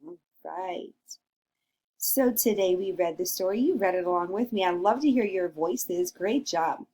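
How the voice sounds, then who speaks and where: A woman's voice: on the low side, unhurried, mellow, slight background noise. A woman teacher leading a read-along lesson for young children, encouraging and sing-song.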